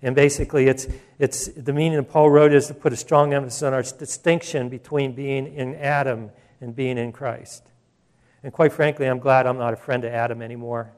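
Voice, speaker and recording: A man's voice: medium pitch, steady tone, fairly quick, darkish tone. A male pastor preaching a sermon in an emphatic, conversational way, with asides and restarts.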